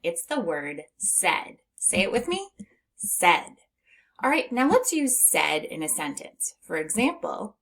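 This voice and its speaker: A middle-aged woman teaching a phonics lesson to young children, patient and encouraging, stretching words out slowly and laughing lightly between steps. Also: lowish voice, sing-song, vocal fry, a bit bright.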